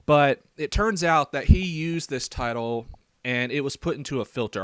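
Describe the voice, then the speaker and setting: There is no echo on this clean, fairly bright, medium-pitched voice. It belongs to a young YouTube vlogger with a faint rural Southern American accent whose rambling response video is hesitant and packed with fillers and restarts.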